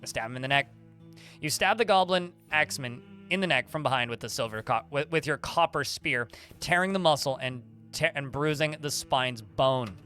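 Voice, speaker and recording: A man streaming a game live reads the combat log aloud, stumbling and starting over as he goes, with faint music under his voice. His voice is bright, forceful and slightly high, expressive, at a normal speed.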